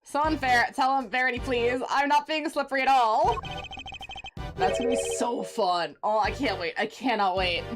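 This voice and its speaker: A young woman chatting excitedly while streaming a game, over game music. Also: fairly high pitch, moderate pace. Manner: chatty and excitable, reacts aloud. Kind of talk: casual gameplay commentary. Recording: game music playing under the voice.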